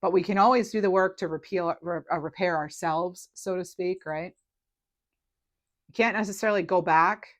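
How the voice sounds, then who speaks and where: A woman giving a casual tarot reading to her viewers, chatty and reassuring, often checking in with "right?" and letting phrases trail off softly. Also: lowish voice, moderate pace. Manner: chatty and reassuring, with frequent "right?" and "you know". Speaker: tarot reader.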